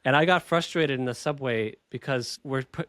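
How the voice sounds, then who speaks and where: A man's voice: medium pitch, normal speed, a bit bright, no room sound. Upbeat chatty male podcast host. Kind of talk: casual podcast chat.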